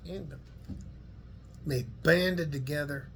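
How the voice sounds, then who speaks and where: A man's voice: medium pitch, unhurried, vocal fry, slight background noise. A middle-aged man with a West Texas accent, talking to his viewers in a rambling, earnest, folksy way with salty language. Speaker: vlogger. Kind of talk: casual heartfelt monologue to viewers.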